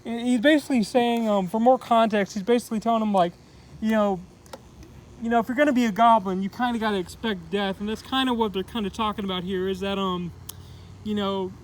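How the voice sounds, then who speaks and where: A man's voice: high-pitched, fairly even intonation, brisk, a little hiss or hum, low-quality recording. A man giving a casual, rambling comic book review, full of "like" and "kinda". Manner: rambling, heavy use of "like" and "kinda".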